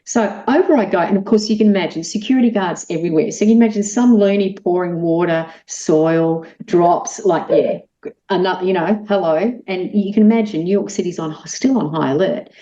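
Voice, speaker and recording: An Australian woman, a guest on a talk show, tells a personal story in a lively way and acts out her own lines. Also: fairly low pitch, fairly quick. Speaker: guest, animal communicator. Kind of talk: storytelling in casual chat. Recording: echoey room, dull lo-fi sound.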